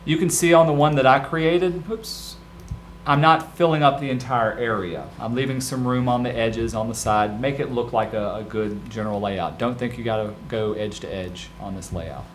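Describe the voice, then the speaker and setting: Guy teaching a design class over a screen recording, easygoing, mid-pitch, faint hiss behind. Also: moderate pace. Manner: relaxed, practical, addresses students directly. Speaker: design instructor. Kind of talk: screen-recorded software tutorial.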